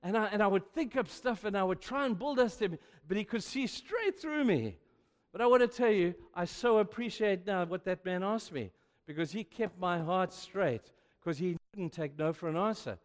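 Guy pastor preaching, bit high voice, goes quiet then loud, big echoey church. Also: moderate pace. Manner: animated storyteller, swings between hushed and loud. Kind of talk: sermon with storytelling. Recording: long reverb of a large hall.

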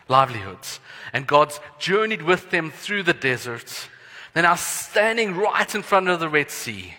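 A man pastor preaching a sermon in an earnest, prayerful way, letting his phrases trail off softly. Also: fairly high pitch. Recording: long hall reverb.

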